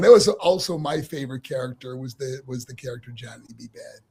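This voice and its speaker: A middle-aged man from New York telling lively stories as an interview guest and laughing often. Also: mid-range voice, brisk, creaky, slight background noise. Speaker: guest, former pro wrestler. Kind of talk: casual interview storytelling.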